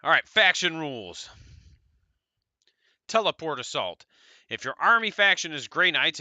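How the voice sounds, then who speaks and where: Laid-back American guy, bright and crisp. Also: fairly high pitch, no room sound. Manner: rambling, laid-back, swears casually. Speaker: podcast co-host. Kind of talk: casual tabletop wargame discussion.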